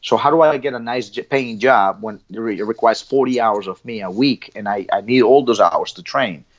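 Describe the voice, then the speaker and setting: A man's voice: on the low side, fairly quick. A middle-aged man from Colombia with a Colombian accent, speaking bluntly as an interview guest, swearing freely and often restarting his sentences. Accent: Colombian Spanish. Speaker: guest, former Olympic athlete. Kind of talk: casual interview talk. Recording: dull lo-fi sound.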